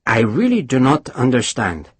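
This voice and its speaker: A male audiobook narrator voicing an earnest, polite young Portuguese officer who keeps asking puzzled questions, in a husky voice. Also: medium pitch, wildly swooping pitch, normal speed, no echo. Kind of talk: audiobook character voice.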